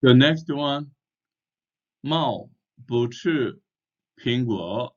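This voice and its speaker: Male teacher; very slow and deliberate, spells words out, dull lo-fi sound. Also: medium pitch, expressive. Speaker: English teacher. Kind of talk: slow explanatory language lesson. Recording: dull lo-fi recording.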